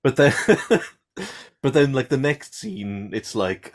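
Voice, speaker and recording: A man's voice: mid-range voice, big pitch swings, takes it slowly. A man co-hosting a film podcast, easygoing and often laughing, with hesitant restarts in casual chat. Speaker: podcast co-host.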